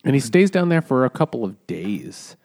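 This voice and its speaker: A man's voice: mid-range voice, sing-song, normal speed, darkish tone, no room sound, studio quality. A man casually retelling a book's plot with rambling restarts. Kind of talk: casual book discussion.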